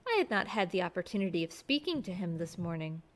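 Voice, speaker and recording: A woman reading aloud as an earnest, sharp-spoken young governess. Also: fairly low pitch, sing-song, quick pace.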